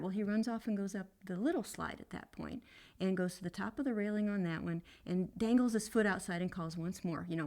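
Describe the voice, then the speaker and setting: A woman's voice: medium pitch, a little fast, a little mellow. A woman parenting educator telling a playground anecdote in a conversational way, with casual fillers. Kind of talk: teaching through a spoken anecdote.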